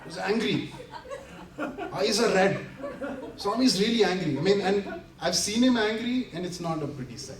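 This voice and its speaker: Brief: man, speaker at a community center, animated storyteller who laughs through the punchlines; recorded from afar in an echoey hall. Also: high voice, moderate pace, crowd noise. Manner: animated, laughing often while acting out quotes. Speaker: invited speaker. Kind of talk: storytelling talk to an audience. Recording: roomy hall from a distance, faint ambience.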